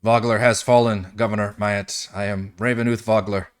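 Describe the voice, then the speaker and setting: A man voicing a weary woman, a former village mayor, who speaks quietly and pleads earnestly. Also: lowish voice, flat delivery, normal speed, close to an everyday voice.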